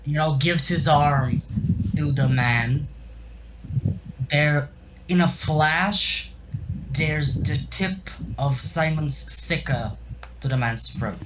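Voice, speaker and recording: Slow-talking male player. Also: fairly high pitch, noisy background. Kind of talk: narrating his character's actions.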